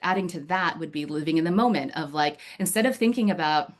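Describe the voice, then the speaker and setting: Lady giving a story speech on a video call, lowish voice, rambly, says like a lot, laughs a bunch. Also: fast. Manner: chatty, many fillers, laughs often. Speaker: club member giving a speech.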